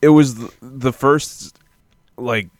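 A man's voice: mid-range voice, slow, no room sound, clean studio sound. A man hosting a casual podcast, joking in a laid-back way and laughing often. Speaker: podcast host. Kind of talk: casual chat.

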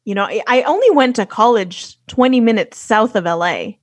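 A woman's voice: on the high side, expressive, normal speed, no room sound. A young woman from the United States, a podcast guest, talking casually with lots of fillers and restarts. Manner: storytelling with many fillers and restarts. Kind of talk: casual conversation.

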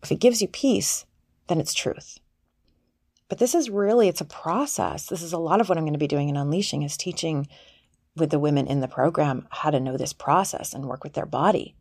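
A woman's voice: deep voice, a little fast, a little mellow, husky, dry recording, studio quality. A woman coach giving a casual self-help talk in a conversational way, sometimes acting out the voices she quotes.

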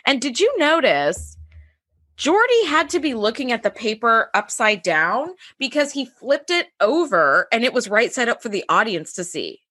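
A woman with a slightly high, sing-song voice co-hosts a podcast, recapping casually at a moderate pace with a fairly bright tone. She's animated, acts out lines, and laughs often, in clean studio sound with no echo.

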